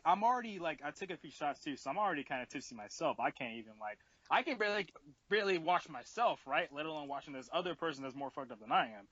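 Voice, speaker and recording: A man's voice: a little high, dry recording, highs cut off. Young man telling a wild party story. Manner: animated, filler-heavy retelling with frequent "like" and acted-out asides. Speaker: podcast host. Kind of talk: casual storytelling.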